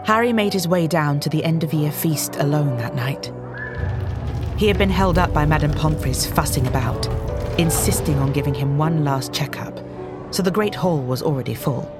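A woman narrating a drama in a measured storybook reading. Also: low-pitched. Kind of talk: scripted narration. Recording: clear music underneath.

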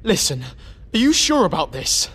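A teenage boy wizard, as a male narrator puts him on, anxious but determined, with a breathy, husky edge. His pitch leaps about lively. It is an audiobook character voice. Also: exaggerated voice. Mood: eager. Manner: breathless, quick replies.

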